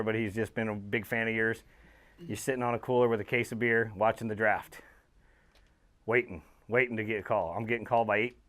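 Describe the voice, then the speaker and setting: A man in his thirties, a father of two and former pro ball player, gives a motivational talk to young players, telling his story with lively emphasis and calling them guys. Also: medium pitch. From Southern California. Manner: animated storytelling, addresses listeners as guys.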